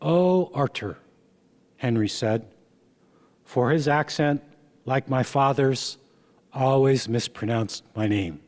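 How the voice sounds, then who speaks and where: A man, the author, reading aloud from his memoir in a slow, measured way with small stumbles. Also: medium pitch, a little mellow. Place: event hall. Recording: long reverb from a hall.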